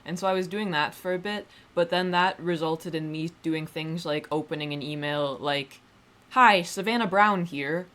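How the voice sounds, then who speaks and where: A woman's voice: sits low, flat delivery, normal speed, few pauses. A woman talking loosely to her stream audience in a casual, self-deprecating way. She drifts mid-sentence, restarts her thoughts, and drops the odd swear word. Her tone stays dry and joking. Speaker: livestreamer. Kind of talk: casual livestream chat.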